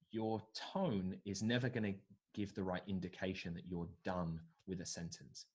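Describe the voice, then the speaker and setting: A man's voice: deep voice, expressive, moderate pace, slightly rough. A man teaching presentation skills to a live online workshop from a video call, reading out and answering what participants suggest. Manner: coaching, reads out participant answers.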